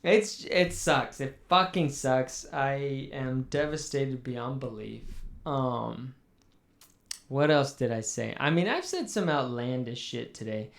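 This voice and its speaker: A man's voice: mid-range voice, expressive, takes it slowly, creaky. A young man hosting a casual chat, rambling and swearing in mock mourning. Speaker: podcast host.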